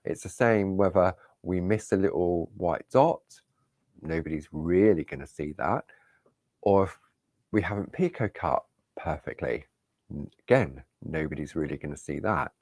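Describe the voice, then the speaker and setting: A man's voice: low-pitched, animated, measured pace, a little mellow, no room sound, clean studio sound. A middle-aged man leading a live crafting tutorial, chatty and reassuring, talking straight to his viewers. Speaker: crafting demonstrator.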